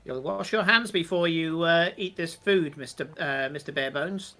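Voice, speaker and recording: A man voicing a motherly dwarf woman cook with a high, fussing, cheerful manner. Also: normal speed, bright, forceful tone. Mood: fussy.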